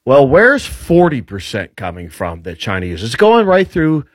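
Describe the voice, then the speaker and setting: Man, husky voice, lively pitch, guest commentator, rambling explainer. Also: moderate pace, no echo. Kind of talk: casual political talk.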